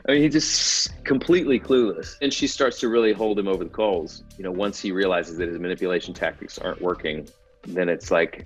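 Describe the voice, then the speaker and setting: A man talks casually in an interview, fairly low in pitch. He is self-deprecating and laughs often between halting restarts. Faint music plays in the background. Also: muffled recording. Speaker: actor.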